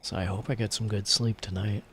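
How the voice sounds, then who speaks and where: A man's voice: fairly low pitch, level tone, fairly quick, slightly rough. A tired man streaming a game, rambling chattily about old computer games while he plays. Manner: rambling, chatty, thinking aloud while playing. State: tired, yawning. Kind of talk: casual gameplay commentary.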